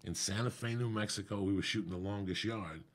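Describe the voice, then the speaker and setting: A middle-aged man, a comedian guest, telling a profane, animated story in casual podcast chat. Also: on the low side, brisk. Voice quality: gravelly, husky.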